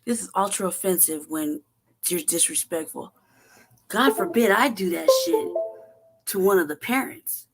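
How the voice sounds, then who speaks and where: A woman host telling a story in a casual, profane, animated way, laughing often and acting out what people said. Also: on the low side, moderate pace, faint music behind. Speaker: show host.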